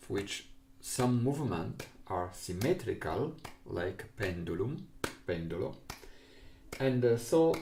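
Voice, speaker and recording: Slow, animated Italian-accented music teacher. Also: male voice, on the low side, vocal fry, a little hiss or hum. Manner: patient, explains step by step in simple non-native English. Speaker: recorder teacher. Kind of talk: music lesson.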